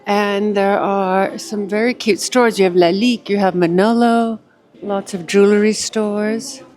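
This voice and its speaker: A young adult woman vlogs to the camera as she walks through streets and shops, narrating her day in a chatty, effusive way and calling viewers "darling." Her mid-range voice has a darkish tone and fairly even intonation, and she speaks unhurriedly.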